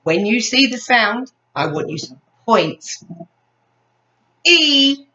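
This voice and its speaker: A woman's voice: medium pitch, lively intonation, unhurried, bright, forceful tone, far from the mic. A woman with an English accent teaching a phonics lesson to young children, praising often in a sing-song way. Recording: dull sound from off mic.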